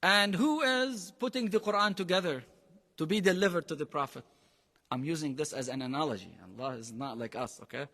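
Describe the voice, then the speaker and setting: Higher-voiced man. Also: a little fast, bright, forceful tone, in a large hall. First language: Arabic. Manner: quizzes the class with frequent questions; emphatic, mixes Arabic phrases into English. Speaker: Quran teacher. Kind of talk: Quran lesson to a live class.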